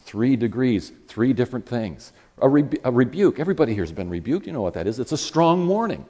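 Animated storytelling preacher, man. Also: mid-range voice, fast. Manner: conversational and animated, acting out quoted voices. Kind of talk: sermon with personal storytelling.

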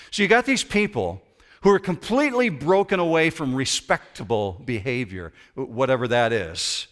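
Male pastor, slightly high voice, lively preaching to a congregation. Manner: animated preaching, acts out grumbling voices. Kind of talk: sermon. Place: church sanctuary before a congregation.

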